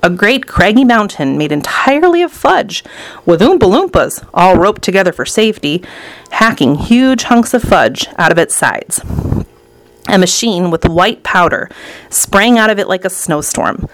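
A woman reading a children's storybook aloud in a lively, expressive way. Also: medium pitch, moderate pace, dry recording. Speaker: narrator.

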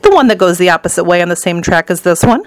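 A woman's voice: on the low side, animated, fast, dry recording, close to an everyday voice. A woman reading a storybook aloud and voicing a cheerful, eccentric grown man who owns a chocolate factory, in a raised, theatrical voice.

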